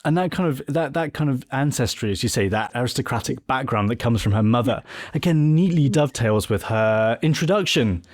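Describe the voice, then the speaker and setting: A man of middle pitch hosting a film podcast. He speaks in a thoughtful, academic way and builds his points as he talks with his guest. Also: animated, brisk, hardly any pauses. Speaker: podcast host. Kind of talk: conversational podcast interview.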